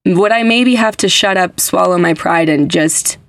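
A woman's voice: fairly low pitch, normal speed, no room sound. A young adult woman hosting a podcast, chatting casually and emphatically with lots of "like" fillers. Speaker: podcast host. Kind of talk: casual faith podcast chat.

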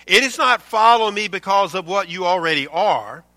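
A man's voice: high voice, expressive, normal speed, bright, forceful tone. A man preaching a sermon to his congregation, quoting scripture and building his points with shifting intensity. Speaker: pastor.

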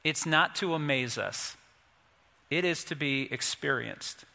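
A male pastor preaching a sermon, emphatic and storytelling, building to forceful peaks. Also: fairly high pitch, slow, vocal fry. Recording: long hall reverb.

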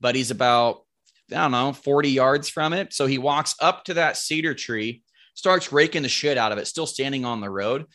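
A man guesting on a podcast, telling a hunting story in a casual, animated way, acting out what people said and swearing freely. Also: medium pitch, moderate pace. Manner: animated, acts out quoted lines, swears casually. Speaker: podcast guest, bow hunter.

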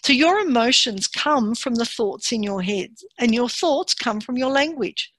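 A woman giving a workshop presentation in a calm, measured and encouraging way. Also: fairly high pitch, no echo.

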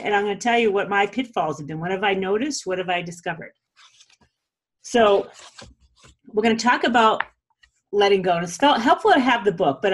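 A woman's voice: medium pitch, slightly rough. A woman teaching a self-help practice in a casual, chatty way, often checking in with "okay?" and speaking candidly and encouragingly about her own struggles.

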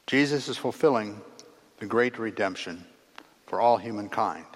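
A man preaching a sermon in a measured, earnest way, pausing between phrases and letting his voice drop at the ends of sentences. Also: fairly low pitch, breathy edge. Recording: long reverb of a large hall.

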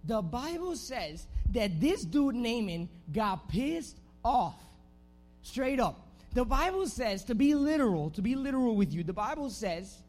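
A man preaching a lively youth sermon in slangy, animated storytelling that speaks straight to the crowd. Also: very high voice.

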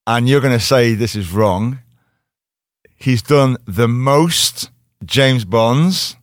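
A man with a Liverpool accent telling an animated story as a guest and acting out the quotes in other voices. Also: mid-range voice, slow, no echo, clean studio sound. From Liverpool, England. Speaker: actor guest. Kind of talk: casual chat, storytelling.

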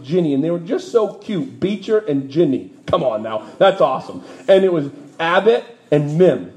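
A man preaching, telling a personal story from his early ministry with lively asides and low, quiet turns at the sad parts. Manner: lively anecdotal storytelling that drops low and quiet for emotional moments. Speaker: pastor. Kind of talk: sermon storytelling.

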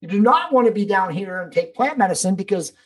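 Guy on a podcast call, husky voice, preachy and fired up, swears a lot. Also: sits high, animated, quick pace, low-quality recording. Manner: emphatic, profane, preachy. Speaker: podcast guest. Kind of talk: casual conversation.

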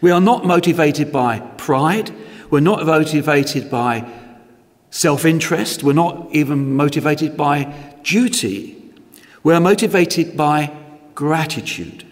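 Guy preaching a sermon real slow and measured, asks questions to the room, long echoey church sound. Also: fairly high pitch, animated.

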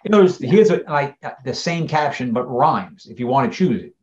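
A man's voice: mid-range voice, animated, a little fast, a little mellow, lo-fi sound. A man co-hosting a casual podcast chat, emphatic and critical in his opinions. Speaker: podcast co-host.

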